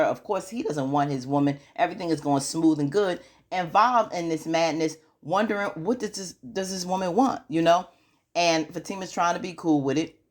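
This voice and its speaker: A woman giving a chatty, casual recap of a TV episode, with lots of "you know" fillers and questions to her audience. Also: sits low. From United States. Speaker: TV recap YouTuber.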